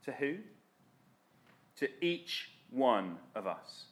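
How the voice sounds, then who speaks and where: A man's voice: mid-range voice, sing-song, extremely slow. A man preaching a sermon in an earnest, direct, exhorting way.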